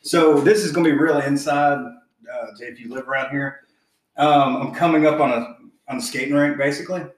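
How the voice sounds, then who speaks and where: A man's voice: fairly high pitch, normal speed. Profane storytelling man in echoey room. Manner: profane, animated, laughs while telling. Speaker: podcast co-host. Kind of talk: casual storytelling chat. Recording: very echoey room, voice far from mic.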